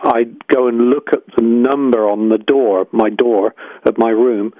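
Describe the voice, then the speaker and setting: A man's voice: medium pitch, fairly even intonation, unhurried, no echo. An older man, a guest musician telling frank, rambling stories full of restarts and acted-out quotes. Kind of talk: reflective storytelling interview. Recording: tinny phone-line sound, dry.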